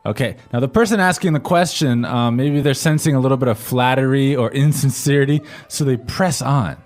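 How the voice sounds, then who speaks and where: A man's voice: medium pitch, fairly quick. Man prompting a language lesson. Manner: prompts with questions, often ends with "right?". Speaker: co-host, learner's voice. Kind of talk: scripted language-lesson podcast. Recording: faint music bed.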